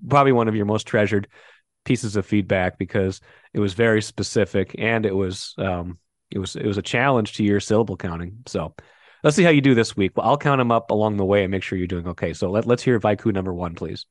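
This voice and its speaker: A man's voice: on the low side, fairly quick, no room sound, studio quality. A man hosting a casual sports podcast, chatty and teasing, often restarting his sentences. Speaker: podcast host.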